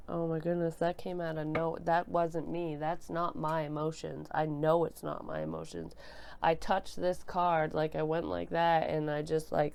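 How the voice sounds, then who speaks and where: A woman reads tarot cards as a medium, close on a desk microphone. Her voice sits low and has a gravelly fry. She talks bluntly and emotionally, swearing freely and restarting sentences as she thinks aloud. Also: a little mellow. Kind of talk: casual tarot reading to camera. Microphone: desk microphone she bumps.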